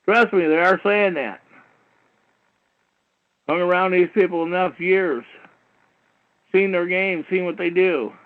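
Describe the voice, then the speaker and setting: Slow, with long pauses and fairly even intonation, a high-voiced man hosts a call-in talk show. His rambling radio monologue is heated and lecturing, peppered with "you know" and swearing, and comes through a dull lo-fi internet stream.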